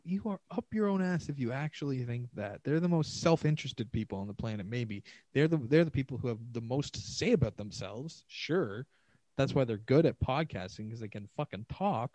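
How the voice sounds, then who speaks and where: A man's voice: medium pitch, animated, normal speed, dark tone, no echo. A man hosting a podcast alone, ranting in a loose, profane, sarcastic ramble, recorded close on a podcast mic. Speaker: podcast host. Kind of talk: solo rambling podcast monologue.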